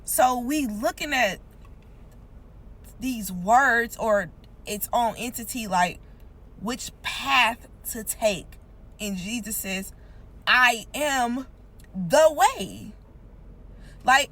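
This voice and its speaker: Earnest woman preaching slowly. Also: a little high, fairly bright tone, rough recording. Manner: earnest, repetitive, emphatic, conversational. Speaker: Christian content creator. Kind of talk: informal devotional teaching.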